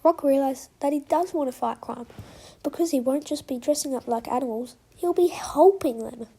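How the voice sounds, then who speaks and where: A woman reading a children's storybook aloud in a slow, expressive way. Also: high-pitched.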